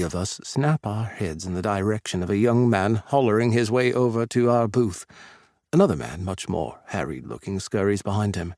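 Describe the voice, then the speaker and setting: A man narrating a romance audiobook in the first person with an expressive reading. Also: fairly low pitch, normal speed, no echo, clean studio sound.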